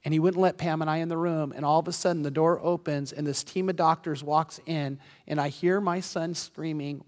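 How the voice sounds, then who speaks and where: A man's voice: a little high, fairly even intonation, a little fast, few pauses. A pastor delivering a sermon, telling a personal story earnestly and pressing his points with emphatic repetition. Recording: long reverb of a large hall.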